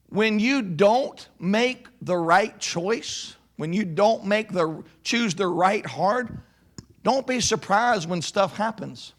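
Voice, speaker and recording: A male pastor preaching a sermon in an animated way, slowing down to stress his points. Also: high-pitched.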